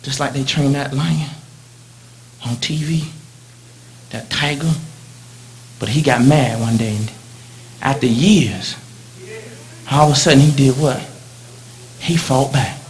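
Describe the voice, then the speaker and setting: A male preacher delivering a sermon in a dramatic way, swinging from loud lines to hushed ones as he tells a story in the first person. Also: medium pitch, slow, long pauses, slight background noise.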